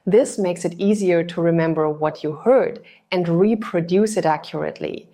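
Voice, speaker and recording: Female tutor, lowish voice, scripted narration, steady and instructional. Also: moderate pace. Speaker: TOEFL tutor.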